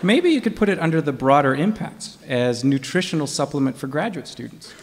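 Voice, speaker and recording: A man's voice: a little high, sing-song, brisk. Dry male co-host, echoey hall, some hiss. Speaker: comedy co-host, professor. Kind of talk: scripted comedy banter on stage. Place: large lecture hall with live audience.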